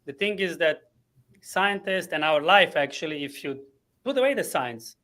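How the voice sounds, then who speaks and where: A man, a coach and podcast guest, explaining his ideas earnestly, often pausing with fillers while searching for words. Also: on the high side, animated, bright, forceful tone. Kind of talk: explanatory interview talk.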